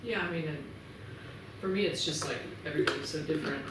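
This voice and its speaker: A woman's voice: sits low, fast, distant mic. A woman podcast guest telling stories animatedly and laughing often in casual chat. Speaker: podcast guest, pro volleyball player. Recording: echoey room, away from the mic, hissy.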